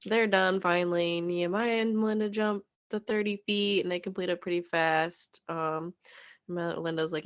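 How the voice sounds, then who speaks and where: Giggly young woman with vocal fry. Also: on the low side, fairly even intonation, moderate pace, no room sound, lo-fi sound. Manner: giggly, says um a lot. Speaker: podcast co-host. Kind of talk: casual recap chat.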